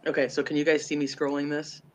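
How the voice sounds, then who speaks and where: A man's voice: on the high side, completely flat delivery, fast, a little hiss or hum. A congested man co-hosting a true crime livestream, rambling and thinking aloud with lots of fillers. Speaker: livestream co-host.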